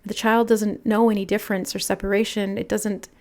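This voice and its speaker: A woman giving an intuitive tarot reading, musing aloud in a soft, channeling manner as she relays messages. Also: medium pitch, little pitch movement, a little fast. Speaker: tarot reader.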